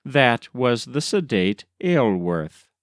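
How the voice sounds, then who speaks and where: Slow, smooth-voiced male storyteller. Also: medium pitch, sing-song, dry recording, studio quality. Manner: measured, gentle storytelling. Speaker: audiobook narrator. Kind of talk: scripted narration.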